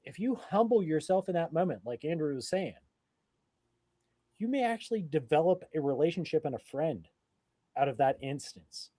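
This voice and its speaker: A man's voice: a little high, moderate pace, no echo. Emphatic, profane male storyteller, dry sound. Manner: profane, emphatic, animated retelling. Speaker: podcast co-host. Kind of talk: casual storytelling.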